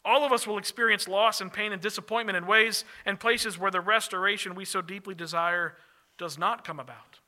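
A man preaches a sermon with a high, strikingly bright voice. He speaks earnestly, often slowing down and sinking to a hushed tone on the phrases he wants to land. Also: fairly even intonation. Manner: earnest, slows and drops softly on key phrases. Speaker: pastor.

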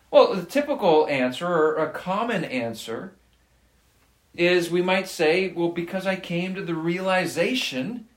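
A man preaching a sermon in a slow, deliberate cadence, his voice sitting a little high for a man. He is earnest and emphatic, leaning on key words. The sound carries a roomy echo. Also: fairly bright tone. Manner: earnest, slow and emphatic, reads scripture aloud. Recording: echoey room.

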